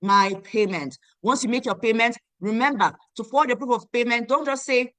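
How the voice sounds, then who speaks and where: A woman in her thirties from Nigeria, hosting an online meeting and giving an emphatic, repetitive sales pitch that urges listeners to act now. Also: moderate pace, fairly bright tone, no echo. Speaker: online meeting host selling a program. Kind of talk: motivational sales pitch on a video call. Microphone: video call.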